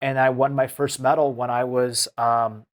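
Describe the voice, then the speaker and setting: A man's voice: mid-range voice, moderate pace. A man in his thirties from Seattle, telling stories from his life as a guest in an interview, acting out the quotes. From Seattle, United States. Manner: animated storytelling, acts out quotes. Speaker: guest, former Olympic speed skater. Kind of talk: storytelling in a podcast interview.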